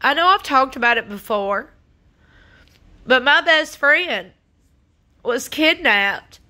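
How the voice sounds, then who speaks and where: High, slow-spoken woman. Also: expressive, sharp tone. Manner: earnest, pleading and indignant. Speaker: true crime channel host. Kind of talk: impassioned commentary.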